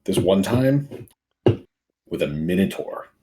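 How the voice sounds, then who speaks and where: A man's voice: deep voice, lively intonation, slow pace, mellow. A man playing a tabletop game, asking questions in a friendly, inquisitive way as his character. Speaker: player.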